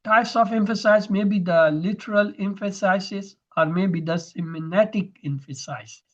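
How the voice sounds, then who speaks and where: A man's voice: high-pitched, moderate pace, muffled recording. A man teaching Arabic grammar in an online lesson, explaining terms step by step over a video call.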